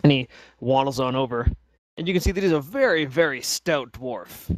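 Relaxed man running a tabletop game. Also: medium pitch, moderate pace, dry recording, low-quality recording. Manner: relaxed, full of "uh" fillers. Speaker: game master.

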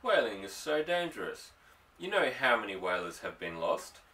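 A man's voice: on the low side, sing-song, normal speed, pushed and bright, far from the mic, heavily acted, poor audio. A male reader voicing a worried young woman, anxious and gloomy. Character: young Scottish woman, worried and sharp-tongued.

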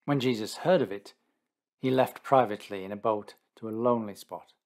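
A man narrating a condensed Bible reading in a steady, deliberate scripted style. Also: lowish voice.

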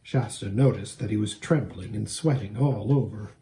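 A man, a pastor, reading a children's book aloud in an expressive, animated storytelling manner. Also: lowish voice, moderate pace, vocal fry.

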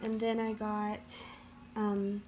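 Woman book vlogger, gushing casual chat, even pitch, noisy background. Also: takes it slowly. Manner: chatty, gushing. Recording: background noise.

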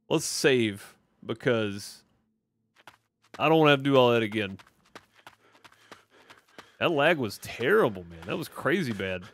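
A man's voice: mid-range voice, expressive, slow pace, long pauses, a bit bright. A man with a Mississippi drawl giving loose live commentary over a game he's streaming. He rambles, answers his chat and leans on fillers as he goes. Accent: Mississippi Southern. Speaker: gaming streamer. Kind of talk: casual live gameplay commentary.

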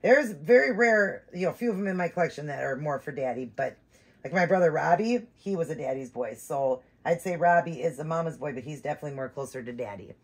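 A woman's voice: deep voice, expressive, fast talker, breathy edge. A woman hosting her channel, chatting casually and rambling, with many fillers and restarts. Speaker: doll-collecting channel host. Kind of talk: casual chat.

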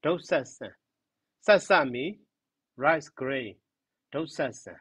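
Man, grammar teacher, slow repetition of terms, dry close sound. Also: on the high side, expressive, fairly bright tone, husky, dry recording. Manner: slow, repeats terms and glosses them. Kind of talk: classroom grammar lesson.

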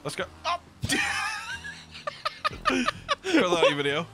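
Cheeky young gamer, high-voiced. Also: male voice, huge pitch swings, slow pace, creaky, over loud music. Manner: cheeky, teasing, chatty. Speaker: gaming friend. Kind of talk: casual banter while gaming.

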